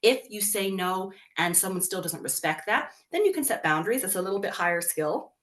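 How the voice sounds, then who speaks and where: A woman's voice: medium pitch, a little fast. A woman co-hosting a podcast, talking casually about parenting and often acting out what children and parents say. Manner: animated, acts out quotes of kids and parents. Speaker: podcast co-host; works with young schoolchildren.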